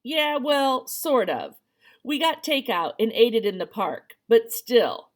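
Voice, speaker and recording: A woman voicing a gentle teasing teen boy. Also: a little high, sing-song, slow.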